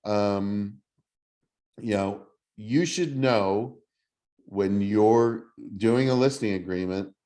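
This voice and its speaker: A middle-aged man leading a real estate class, talking slowly in a fairly low voice. He teaches casually and haltingly, full of ums and restarts. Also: mellow. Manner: halting, many fillers and restarts. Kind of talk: casual teaching over video call.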